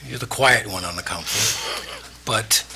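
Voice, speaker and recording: Male council president, very deep, emotional halting delivery, noisy room. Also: pushed and bright. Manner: emotional, halting speech with many fillers. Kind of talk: council meeting farewell remarks. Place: town hall council chamber. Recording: noisy meeting room recording.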